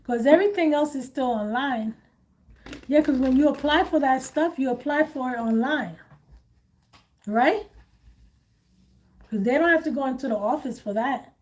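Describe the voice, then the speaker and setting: A woman hosting a casual chat, animated and blunt, laughing often. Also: high-pitched, moderate pace, long pauses. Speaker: host.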